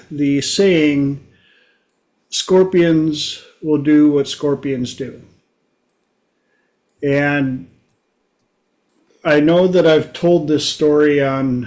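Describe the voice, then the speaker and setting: A male talk-show host with a folksy, unhurried storytelling manner. He speaks slowly with plenty of pauses. His voice sits slightly higher than most men's. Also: a little mellow. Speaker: podcast host. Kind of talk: casual monologue.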